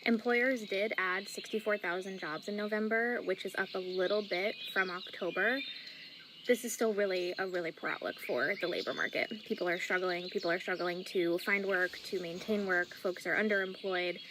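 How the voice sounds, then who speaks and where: A woman's voice: medium pitch, fairly even intonation, normal speed. Earnest woman giving economic commentary. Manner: earnest, serious. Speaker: labor market commentator. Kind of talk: explanatory commentary. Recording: noisy recording.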